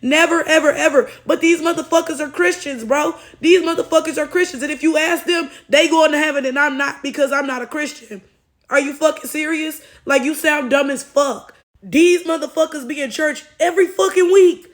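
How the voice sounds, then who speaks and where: Lady w a high voice telling a story, swearing nonstop, keeps asking right?. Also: normal speed. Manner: blunt, profane, heated; frequent tag questions. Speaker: storytelling vlogger. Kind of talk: casual storytime rant.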